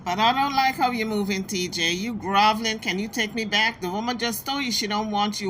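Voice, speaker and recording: A woman's voice: a little high, moderate pace, hardly any pauses, pushed and bright, slight background noise. A woman hosting a commentary channel, talking back to clips in a sassy, scolding, teasing way. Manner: sassy, scolding, teasing, talks straight to the clip.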